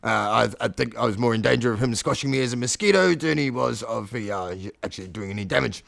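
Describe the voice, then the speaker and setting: A man's voice: medium pitch, fast talker, vocal fry, dry recording, clean studio sound, voice pushed down. A man voicing a boastful, foul-mouthed three-legged male cat prince telling his war story. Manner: swearing, deadpan boasting.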